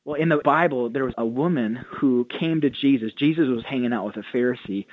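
Here a pastor and author talks briskly in a mid-range voice while guesting on a radio interview. He tells his stories earnestly, voicing the quotes himself. The phone line sounds tinny and dry, without any room sound.

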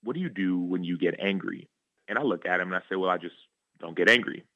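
A low-voiced man tells personal stories in an earnest, animated way, often checking in with the listener. His voice comes through dry and slightly muffled, like a radio studio with no room echo. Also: quick pace. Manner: earnest, animated, repeats "right?". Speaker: guest, former football player and author. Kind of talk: interview storytelling.

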